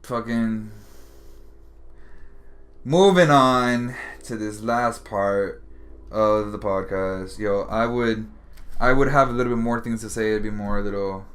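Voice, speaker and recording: A man from Miami hosting a podcast, reading news aloud and rambling in a heavily profane, casual monologue with sudden loud outbursts. He sounds tired. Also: fairly low pitch, slow, long pauses. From Miami, Florida. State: tired and hungry. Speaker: podcast host.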